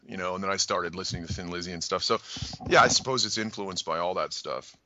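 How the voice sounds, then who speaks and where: Deep-voiced rambling American man. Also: fast talker, few pauses, sharp tone, lo-fi sound. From United States. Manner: profane, rambling and jokey. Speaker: band frontman. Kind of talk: casual phone interview.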